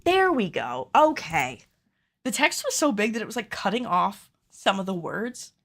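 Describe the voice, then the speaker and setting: A woman's voice: medium pitch, sing-song, normal speed, a bit bright. A woman who makes cosplay patterns, chatting on a livestream while she films, nervous on camera and thinking aloud with self-deprecating remarks. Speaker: cosplay pattern maker and streamer. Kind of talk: casual livestream chat while filming.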